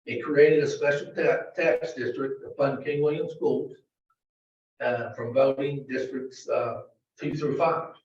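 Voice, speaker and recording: A man presenting a county budget to a board in a halting, filler-heavy way, recorded in a meeting room. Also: medium pitch, fairly even intonation, darkish tone, slight background noise. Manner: halting, many fillers and restarts. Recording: distant, very echoey, dull meeting-room audio.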